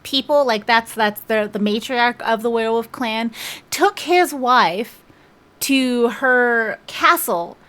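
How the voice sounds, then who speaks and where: A chatty woman with a fairly high voice, talking through a story's plot in a loose, rambling way. She fills her sentences with "like" and backs up to restart thoughts as she goes. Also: fairly bright tone. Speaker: book vlogger. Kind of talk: casual plot recap.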